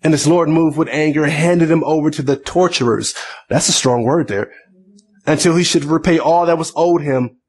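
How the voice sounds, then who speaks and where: A man's voice: on the high side, moderate pace, a little mellow, husky. A man preaching a sermon, reading scripture aloud and explaining it in plain, conversational asides, often repeating words as he goes. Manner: repeats words and restarts phrases.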